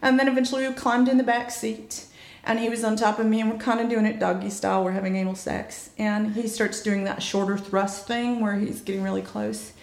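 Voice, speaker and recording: A woman tells a personal story in an open, blunt way, her voice gravelly with vocal fry. She acts out the quoted lines with sudden jumps in pitch. The room around her sounds echoey. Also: flat delivery, brisk. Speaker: guest telling a personal story. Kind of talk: candid storytelling chat.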